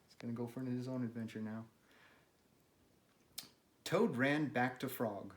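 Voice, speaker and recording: A man hosting a children's read-aloud, narrating a story and making gentle, chatty asides to a pet. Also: medium pitch, measured pace, long pauses. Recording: roomy, echoey room.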